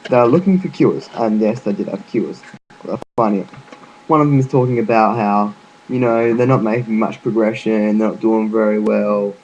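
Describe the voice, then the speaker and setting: Casual male gamer narrator with a fairly low voice, chatty and loose, stumbling through his explanation. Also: a little mellow, dull audio, slight background noise. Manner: loose and chatty, with frequent fillers and restarts; offhand, with occasional swearing. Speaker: gaming video narrator.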